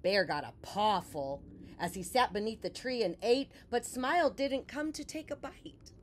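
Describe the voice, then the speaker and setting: A woman reading a picture book aloud to children, expressive and unhurried, sometimes sinking to a soft whisper. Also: fairly high pitch, slight background noise. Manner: animated, slow and expressive, drops to soft whispers. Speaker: children's story reader. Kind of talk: read-aloud storytelling for children.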